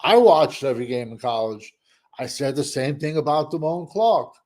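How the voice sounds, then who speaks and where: A man hosting a podcast in casual chat, ranting in an animated, exasperated way. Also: on the high side, normal speed. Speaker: podcast host.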